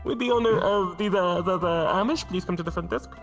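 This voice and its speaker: A man voicing a store intercom announcer in a put-on Indian accent, with slow, formal announcing. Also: sits high, over loud music. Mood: deadpan announcing. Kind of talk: comedic impression over voice chat.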